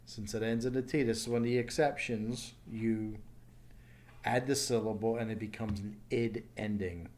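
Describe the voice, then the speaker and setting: A man teaching English pronunciation in a recorded online lesson, slowly repeating each word clearly and patiently. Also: fairly low pitch, steady tone, a little mellow. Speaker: ESL teacher.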